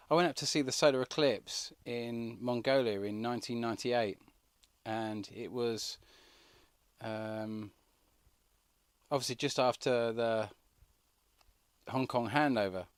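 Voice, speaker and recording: A man's voice: medium pitch, steady tone, a little slow, no room sound. Man, earnest rambling talk, frequent restarts, dry close sound.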